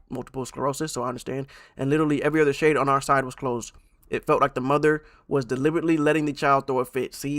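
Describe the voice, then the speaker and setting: A man's voice: mid-range voice, fairly bright tone. A male streamer who reads posts aloud on a live stream and reacts bluntly, swearing freely and repeating himself for effect.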